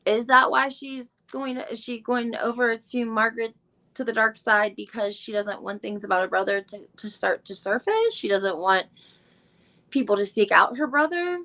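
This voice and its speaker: A woman's voice: a little high, moderate pace, sharp tone. Chatty woman rambling on a live stream. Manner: chatty, rambling, thinks aloud while searching online; mild swearing, frequent fillers. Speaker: podcast host doing a live recap. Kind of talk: casual live-stream chat.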